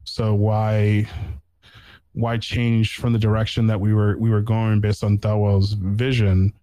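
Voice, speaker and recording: A man's voice: fairly low pitch, monotone, measured pace, warm tone, no echo, rough recording. Rambling casual male podcast host. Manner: rambling, with many fillers and restarts. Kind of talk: casual sports chat.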